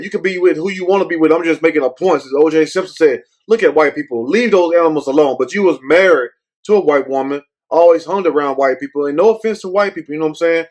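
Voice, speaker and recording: A man's voice: a little high, a little mellow. A man hosting a casual commentary show, rambling and blunt, often swearing and circling back with "but anyway.". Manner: blunt, profane. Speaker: show host.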